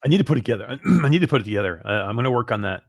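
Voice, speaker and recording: A man hosting a gaming podcast from his home studio, chatting in a relaxed way with casual swearing. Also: medium pitch, racing, vocal fry, breathy edge, dry recording, highs cut off. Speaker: podcast host.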